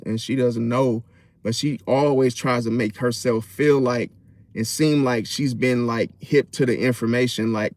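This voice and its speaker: A man's voice: medium pitch, no echo, clean studio sound. A man in a casual, rambling monologue about relationships and astrology, slangy and profane, full of fillers.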